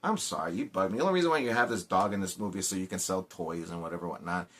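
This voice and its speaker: A man's voice: low voice, lively intonation, very fast, a bit bright, husky. A man giving a casual movie review, rambling with many fillers and restarts and often sounding exasperated.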